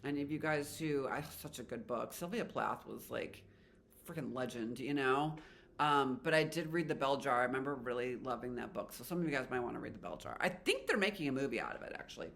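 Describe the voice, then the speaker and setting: A woman's voice: extremely low pitch, a little fast, gravelly, a bit bright. A woman giving a casual tarot reading to her viewers, chatty and rambling, with an emotional, spiritual manner. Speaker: tarot reader.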